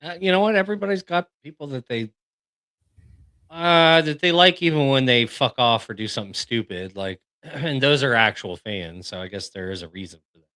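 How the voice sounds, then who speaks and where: A man's voice: mid-range voice, lively intonation, moderate pace, sharp tone, no echo. A man co-hosting a podcast, chatting in laid-back, slangy banter. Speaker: podcast co-host. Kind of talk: casual podcast chat.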